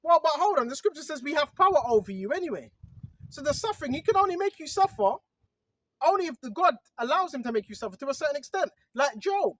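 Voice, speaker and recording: High-voiced casual preaching man. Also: big pitch swings, fast talker, a bit bright. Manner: conversational, repeats "bro" and "right?". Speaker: online preacher. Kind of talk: casual religious monologue.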